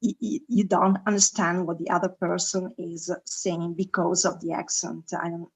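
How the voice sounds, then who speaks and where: A woman's voice: on the low side, level tone, normal speed, slightly rough, rough recording. A woman, a student in an online class, answering hesitantly and searching for words. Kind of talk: class discussion.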